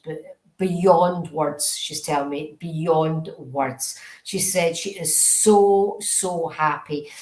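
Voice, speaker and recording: A woman's voice: on the low side, roomy sound, rough recording. A woman, a medium giving live readings online. She relays spirit messages earnestly and keeps checking in with the sitter. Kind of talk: live-stream psychic reading.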